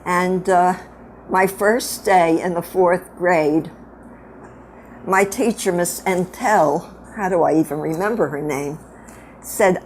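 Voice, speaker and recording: An older woman in her eighties tells her life story to her family, slow and unhurried, with a Brooklyn accent. Her voice sits a little low, and a faint room hum lingers behind her. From upstate New York. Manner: slow, reminiscing, frank.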